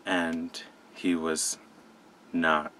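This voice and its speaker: A young man from Colombia telling a personal story to camera, soft-spoken and hesitant, often restarting his sentences. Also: very deep voice, level tone, drawn-out words. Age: young adult. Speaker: vlogger. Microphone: camera mic.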